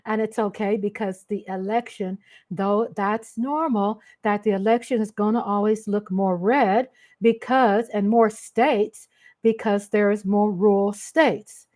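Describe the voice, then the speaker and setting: A woman's voice: medium pitch, steady tone, measured pace, darkish tone. A woman from Texas, hosting a casual livestream, talking emotionally and ranting straight to her viewers. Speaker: livestream host. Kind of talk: casual live-stream chat.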